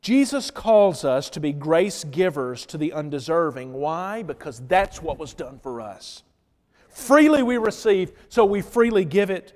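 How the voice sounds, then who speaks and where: A man preaching a sermon as pastor, telling stories and swinging between loud emphatic lines and hushed ones. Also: a little high, very animated, a little slow, long reverb tail.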